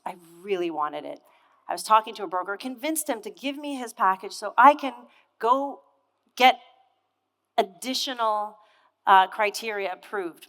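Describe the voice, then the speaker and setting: The long reverb of a conference hall surrounds this keynote speaker, a woman in her thirties telling a story with energy and putting questions to her audience. She speaks a little high, with a fairly bright tone, in a motivational talk.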